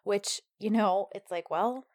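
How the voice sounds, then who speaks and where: Animated woman recapping a TV episode. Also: mid-range voice, measured pace. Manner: animated, exasperated, quotes characters. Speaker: podcast co-host recapping a TV series. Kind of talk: casual chat.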